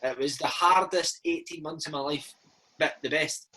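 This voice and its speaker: A Scottish man in his thirties, a former footballer, telling animated stories in a casual interview and slipping into impressions. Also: fairly high pitch, moderate pace, poor audio. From Scotland. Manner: animated storyteller, slips into impressions of his old coach.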